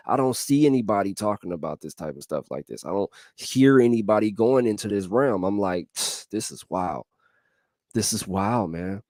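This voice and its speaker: A man's voice: fairly low pitch, a little mellow, no echo. A man giving a casual motivational talk as host, in slangy speech that repeats its phrases and breaks into laughs between points.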